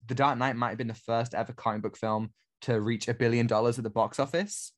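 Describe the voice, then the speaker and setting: A man's voice: mid-range voice, steady tone, fairly quick. A man co-hosting a podcast, talking casually and with effusive enthusiasm. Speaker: podcast co-host.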